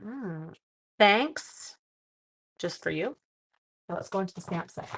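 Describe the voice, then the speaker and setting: A woman's voice: medium pitch, expressive, takes it slowly, a little hiss or hum. A middle-aged woman hosting a live stream, chatting casually with viewers and reading their comments while she makes cards. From Canada. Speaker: live-stream crafting host.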